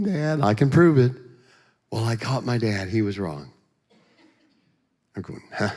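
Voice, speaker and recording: A man giving a testimony as a guest speaker in a church, telling it in an animated, joking way and acting out the voices. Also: on the low side. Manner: animated, joking storyteller who acts out voices. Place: church sanctuary. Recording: long church hall reverb.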